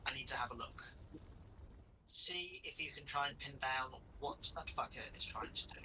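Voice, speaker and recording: A man voicing a studious woman adventurer who speaks low and half whispers. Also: normal speed, noisy background, lightly acted. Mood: hushed.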